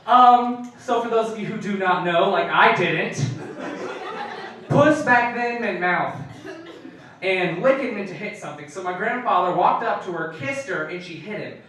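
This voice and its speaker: A young adult man doing a stand-up comedy set on a club stage, animated and building to mock-outraged shouts. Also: high-pitched, unhurried. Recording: echoey club from far off.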